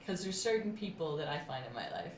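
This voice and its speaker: A woman co-hosting a casual interview, warm and chatty, laughing a lot. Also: deep voice, expressive, quick pace, slight background noise. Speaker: co-host. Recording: echoey room, distant mic.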